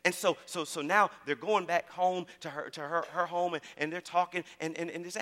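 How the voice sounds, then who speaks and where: A man preaching a sermon in a church, calling out to the congregation and repeating phrases as he builds to shouts. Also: high voice, moderate pace, few pauses, big-room sound. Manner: call-and-response preaching, repeats words, rising to shouts. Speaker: pastor.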